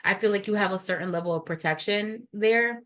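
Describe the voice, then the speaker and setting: A woman's voice: mid-range voice, brisk, a bit bright. A woman giving a casual tarot reading to camera, blunt and profane, rambling with many fillers. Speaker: tarot reader.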